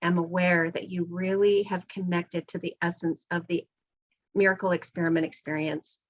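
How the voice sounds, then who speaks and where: A woman's voice: on the low side, little pitch movement, normal speed. A woman hosting a group video call, effusive and full of praise for each guest. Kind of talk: casual group chat. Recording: dull lo-fi call audio.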